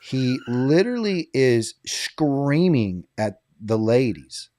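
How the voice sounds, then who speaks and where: A man in a casual podcast chat, spinning an animated anecdote and laughing as he goes. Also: medium pitch, slow, dry recording, studio quality.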